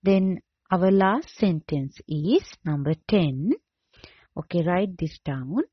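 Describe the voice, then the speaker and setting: Woman teacher, very slow dictation, husky voice, dull lo-fi sound, dry. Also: lowish voice, animated, no room sound. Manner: slow, deliberate, repeats each word and spells it out. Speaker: English teacher. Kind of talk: dictation lesson, spelling words letter by letter.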